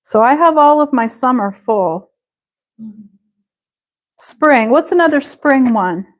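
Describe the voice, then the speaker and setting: Slow, patient woman teacher. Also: sits high, animated, low-quality recording. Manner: patient, slow, stretches out words to model pronunciation. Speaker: English teacher. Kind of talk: live online English class.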